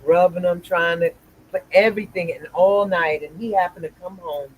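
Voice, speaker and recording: A woman's voice: fairly low pitch, fairly even intonation, normal speed, dull audio, slight background noise. An older woman hosting a casual chat, telling rambling stories with many restarts. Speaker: host.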